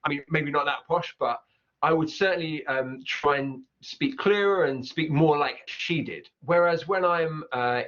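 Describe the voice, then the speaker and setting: Man, pronunciation lesson, slow demonstrations, muffled lo-fi sound. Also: medium pitch, fairly bright tone. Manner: repeats words slowly to demonstrate. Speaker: accent teacher. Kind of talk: explaining pronunciation over clips. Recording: dull lo-fi sound.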